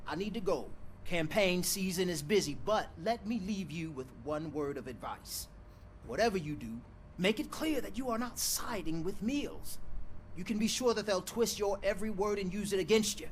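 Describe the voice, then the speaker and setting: A slick, high, lively mayor. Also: male voice, a little hiss or hum. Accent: slight Southern twang. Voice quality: persuasive, politician's glad-handing delivery. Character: smooth-talking male big-city mayor campaigning.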